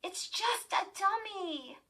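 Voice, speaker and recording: A woman's voice: very high voice, animated, slow pace, bright, forceful tone, voice pushed up, exaggerated voice. A woman voicing a startled older sister, a girl who urges and insists with growing alarm. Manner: urgent, insistent pleading.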